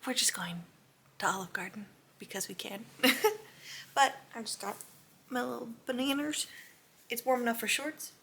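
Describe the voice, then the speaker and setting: A woman in her thirties chats through a casual reading vlog, gushing about what she read. Her voice is gravelly and husky, with a rough, breathy edge. She talks loosely and warmly, dropping in little laughs and sighs. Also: a little high, a little slow, pauses often. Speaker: book vlogger.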